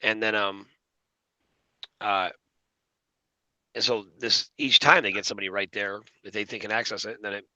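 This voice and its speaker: A man's voice: on the low side, steady tone, moderate pace, long pauses, pushed and bright, no room sound, poor audio. A man talking casually and at length, rambling with many fillers and restarts. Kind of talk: casual conspiracy talk.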